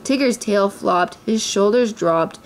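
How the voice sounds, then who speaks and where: A mother reading a children's storybook aloud with clear, expressive narration. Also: mid-range voice, slow pace, slight background noise.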